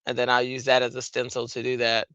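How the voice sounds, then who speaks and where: A woman chats casually through a late-night craft stream, her voice bright and forward. She tells stories with animated asides, recorded close and dry with no room sound. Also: a bass voice, quick pace, smooth, dry recording, dull audio. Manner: chatty, animated storytelling with playful voiced asides. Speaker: livestream craft host. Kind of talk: casual chat.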